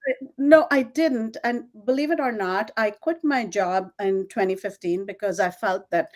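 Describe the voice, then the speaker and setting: A middle-aged woman from India with an Indian English accent, telling her story in an interview, animated and laughing often, with many fillers. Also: medium pitch, moderate pace. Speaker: guest, fashion designer.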